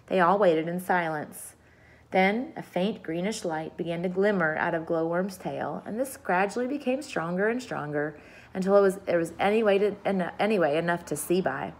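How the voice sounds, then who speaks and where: A woman reading a children's book aloud in an expressive, lively storytelling manner. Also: fairly low pitch, normal speed, poor audio.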